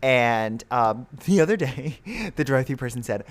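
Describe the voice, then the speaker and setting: Man with a very lively voice. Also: mid-range voice, normal speed. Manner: laughing, rambling, self-mocking. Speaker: podcast co-host. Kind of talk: casual chat.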